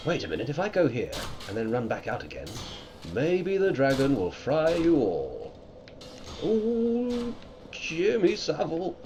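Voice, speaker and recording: A man's voice: fairly high pitch, wildly swooping pitch, measured pace, darkish tone, a little hiss or hum. A British man giving live gameplay commentary, playful and silly, tossing out made-up words. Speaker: streamer.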